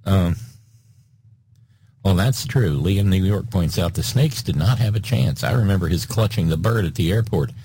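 A man's voice: sits low, animated, normal speed, mellow, husky, dry recording. A man hosting a talk show, giving casual, sardonic political commentary and reading listener messages in a rambling way. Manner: sardonic, rambling, with frequent filler restarts.

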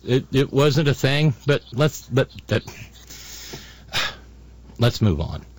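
A man's voice: mid-range voice, big pitch swings, takes it slowly, slight background noise. An older man hosting a podcast, talking in a sarcastic, mocking way with lots of ums and restarts. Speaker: podcast host. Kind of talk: casual political commentary.

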